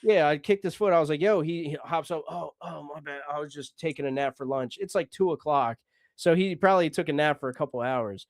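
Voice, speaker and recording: A man's voice: a little high, brisk, no room sound, clean studio sound. A man telling a long story casually, rambling, swearing and acting out the dialogue.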